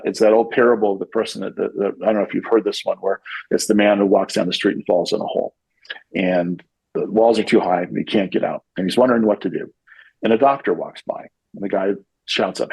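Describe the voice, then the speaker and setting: Gravelly-voiced man, casual guest talk. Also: fairly low pitch, a little fast, a little mellow, no echo, poor audio. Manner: rambling with frequent restarts and fillers. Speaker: podcast guest, CEO. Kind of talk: casual conversational interview.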